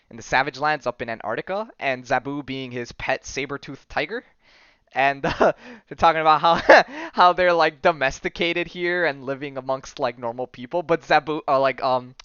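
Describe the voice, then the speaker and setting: A young man hosts a casual comic book podcast, rambling through the story, laughing and acting out the characters' lines. His voice sits a little high and sounds smooth. The recording is dry and somewhat dull. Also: a bit bright, no echo. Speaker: podcast host.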